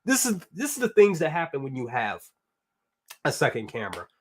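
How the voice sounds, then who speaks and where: A man's voice: fairly high pitch, huge pitch swings, fairly quick, a little hiss or hum. A man hosting a toy review live stream, rambling in an upbeat, slangy way and reading out viewer comments. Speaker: toy review show host. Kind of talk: casual live-stream chat.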